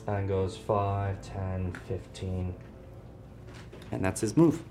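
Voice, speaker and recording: A man running a tabletop game as game master, narrating with lively storytelling. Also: on the low side, takes it slowly, pauses often.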